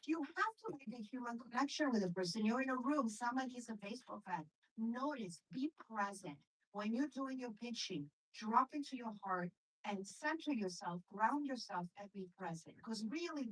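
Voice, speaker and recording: A middle-aged woman gives an informal talk on pitching films, with a slightly husky, breathy voice. She chats freely, tosses in "you know" often, and acts out what people say. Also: a bit bright, low-quality recording. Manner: chatty, lots of "you know", acts out quoted lines. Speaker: film producer giving a talk on pitching. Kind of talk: animated talk to an audience.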